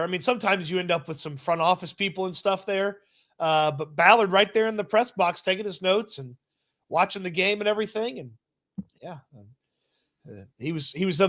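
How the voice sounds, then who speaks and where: A man co-hosting a casual football talk show, giving relaxed analysis with frequent restarts. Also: high-pitched. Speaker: sports show co-host.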